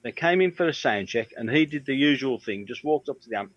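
A man's voice: mid-range voice, expressive, no echo, highs cut off. A man from the Midlands telling rambling tour stories. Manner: rambling anecdotes with quick impressions. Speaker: guitar tech guest. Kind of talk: casual storytelling chat.

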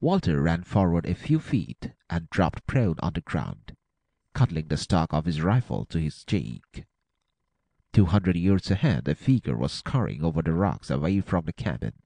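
A man narrates an adventure audiobook with a dramatic, expressive reading. His voice is very low and gravelly, swinging widely in pitch. The recording is dry and close. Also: normal speed, dry recording.

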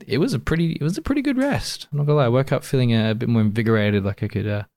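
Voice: mid-range voice, very fast. A player in a tabletop game, joking around and talking expressively. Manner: playful, expressive.

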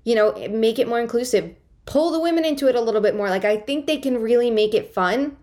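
A woman co-hosting a casual podcast, giving opinions in an animated way and swearing freely. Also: on the high side, fast. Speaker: podcast co-host.

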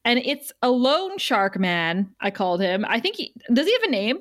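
A woman's voice: a little high, very animated, moderate pace. Chatty woman recapping an episode. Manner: chatty, laughs often, acts out quotes. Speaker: podcast host.

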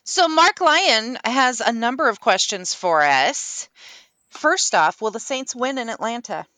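A woman with a British accent hosting a casual sports podcast, briskly putting questions to the panel. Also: a little high, animated, bright, forceful tone, dry recording. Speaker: podcast host.

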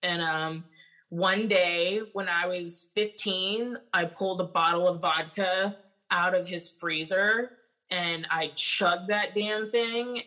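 Blunt, profane young woman, bright voice. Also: fairly low pitch, fairly even intonation, slow, rough recording. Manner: blunt and profane, heavy filler words. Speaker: podcast guest. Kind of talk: candid personal storytelling.

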